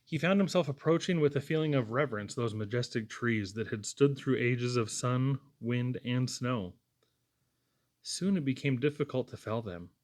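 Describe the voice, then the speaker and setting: A man narrating a classic novel chapter as an audiobook reader, in a measured, expressive reading. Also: medium pitch. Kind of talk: scripted narration.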